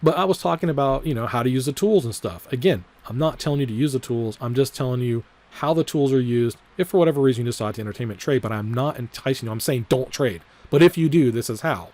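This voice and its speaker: A man's voice: mid-range voice, fast, few pauses, a little mellow. A man giving casual commentary on his trading vlog, rambling and profane, full of filler words and repeating himself. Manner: repeats his disclaimers over and over. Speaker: trading vlogger.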